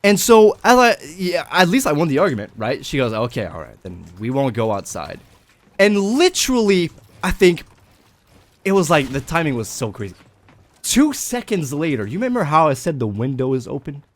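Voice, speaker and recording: A young adult man telling a personal story in a casual vlog, animated and swearing. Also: on the high side, moderate pace. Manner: animated, swearing, breaks into laughter. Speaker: vlogger.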